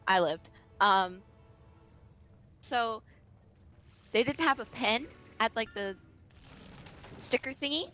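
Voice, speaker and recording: Young Southern woman, chatty storytelling streamer, bright and sharp in tone. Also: a little high, lively intonation, slow, pauses often, soft background music. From American South. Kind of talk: casual chat while gaming.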